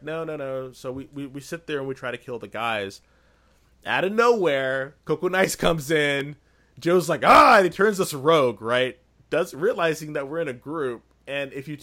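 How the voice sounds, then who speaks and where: A man casually retelling a video game session on a podcast, rambling and excitable, with frequent restarts. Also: medium pitch.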